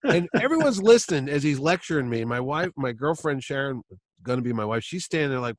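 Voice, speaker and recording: A man who works as a comic artist, telling a story in a casual, animated way and acting out other people's voices. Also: medium pitch, fairly quick, no room sound.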